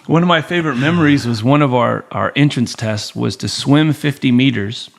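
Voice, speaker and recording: A man's voice: mid-range voice, moderate pace, creaky. A man in his forties, a podcast guest telling stories casually and acting out the dialogue, with a bit of swearing. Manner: animated, acts out dialogue with quoted voices, swears casually. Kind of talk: casual storytelling interview.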